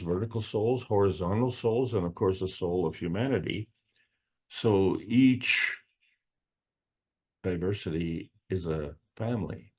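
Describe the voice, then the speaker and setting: A man's voice: deep voice, warm tone, slightly rough. A man giving an unscripted spiritual lecture, meandering and repeating phrases, often posing rhetorical questions.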